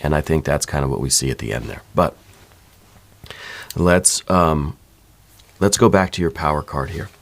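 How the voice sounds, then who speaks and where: A man giving an ASMR tarot reading, speaking softly and intimately to the listener in a gentle, searching way. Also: very deep voice, expressive, normal speed, long pauses. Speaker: tarot reader.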